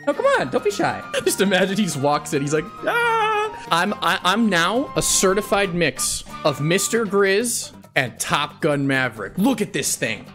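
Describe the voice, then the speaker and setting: A man hosts a live game stream in a loose, jokey way, with a voice that bounces all over its range. He slides from mock threats into laughter. Soft music plays underneath. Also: high-pitched, very animated, normal speed, hardly any pauses. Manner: playful, goofy, bursts of laughter. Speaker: gaming streamer.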